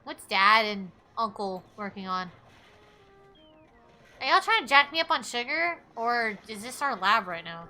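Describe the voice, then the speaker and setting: A woman's voice: a little high, sing-song, measured pace, bright, forceful tone, faint music behind. A young woman streaming a game live, chatty and rambling, swearing freely and thanking viewers as she talks. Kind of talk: casual live game commentary.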